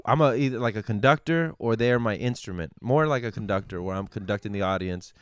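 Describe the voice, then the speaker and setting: Low, smooth-voiced male comic, casual podcast talk, halting restarts, dry close sound. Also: no room sound. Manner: rambling, frequent restarts and cursing. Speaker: stand-up comedian.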